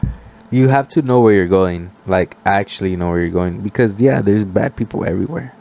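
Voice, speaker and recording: Low-voiced young man telling a story. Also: a little fast. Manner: animated storyteller, acts out quoted voices, many "like" fillers. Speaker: podcast guest. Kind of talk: casual podcast chat.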